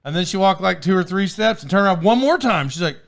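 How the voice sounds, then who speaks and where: A man's voice: high-pitched, animated, quick pace, creaky, fairly bright tone. A man hosting a podcast in casual chat, telling a rambling story with frequent laughs and sidetracks. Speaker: podcast host.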